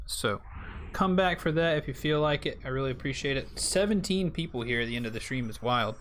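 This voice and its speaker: A man's voice: medium pitch, fairly quick, fairly bright tone, a little hiss or hum. A young man closing out his game stream, chatting casually and thanking viewers by name. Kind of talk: casual end-of-stream chat.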